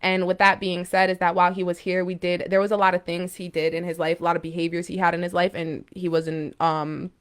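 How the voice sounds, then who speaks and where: A young woman hosts a spiritual live stream, telling viewers a personal story in a rambling, emphatic way with many fillers and restarts. Her lowish voice keeps a level tone and a quick, smooth pace with hardly any pauses, picked up by a phone or webcam microphone.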